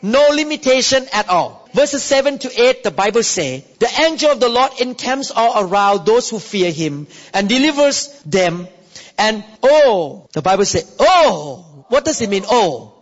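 A man preaching a sermon as pastor, animated and exclaiming, often breaking into laughter. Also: high-pitched, normal speed. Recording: reverberant, dull lo-fi hall recording.

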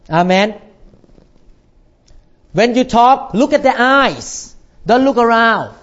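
A man's voice: very high-pitched, highs cut off. A male pastor delivering a sermon in slightly non-native English phrasing, emphatic and punctuating his points with "Amen".

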